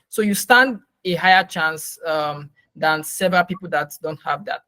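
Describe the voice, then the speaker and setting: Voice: mid-range voice, fairly even intonation, fairly quick, hardly any pauses, a bit bright, no room sound. A moderator giving casual advice in a loose way and checking in with listeners as they go. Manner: loose, with frequent fillers and restarts, checking in with "okay". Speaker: session moderator. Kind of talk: casual advisory talk.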